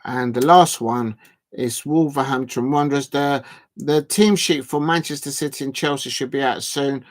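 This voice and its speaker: A man hosting a live football watch-along, talking in a loose, rambling way at an ordinary middle pitch. He stretches his words out slowly while he types into the chat, and his chat keeps drifting from one point to the next.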